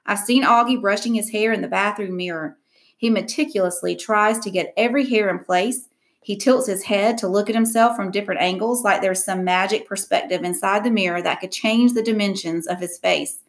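A woman narrating a first-person audiobook with an expressive, lively reading. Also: mid-range voice, fairly quick.

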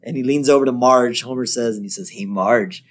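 A man's voice: mid-range voice, fast. A man co-hosting a podcast, casually retelling a cartoon episode scene by scene and checking in with his co-host.

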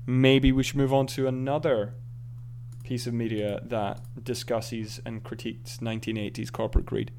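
A man's voice: medium pitch, level tone, moderate pace, creaky, darkish tone, slight background noise. A man co-hosting a casual podcast, rambling drily and correcting himself as he goes. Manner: dry, rambling, self-correcting. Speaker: podcast co-host. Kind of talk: casual chat.

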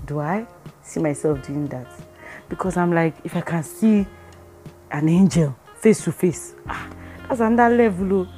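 A woman with a Nigerian accent giving a casual devotional talk. She speaks with lively energy, acts out bits of dialogue, and drops in pidgin phrases. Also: lowish voice, moderate pace, soft background music. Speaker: Christian speaker.

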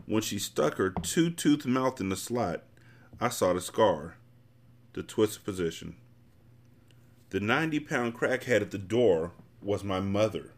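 A man's voice: on the low side, expressive, measured pace. A man hosting a podcast, reading a novel aloud and then commenting bluntly and casually. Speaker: podcast host and reader.

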